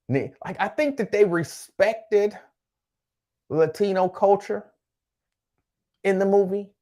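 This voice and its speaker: A man's voice: sits high, a little mellow. A man hosting a casual live-stream call-in chat, greeting viewers by name and often repeating his phrases. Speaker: host.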